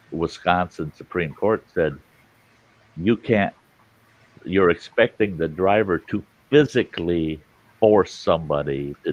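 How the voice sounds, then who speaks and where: A man telling a story in casual chat, animated, cursing casually. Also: low voice, muffled recording.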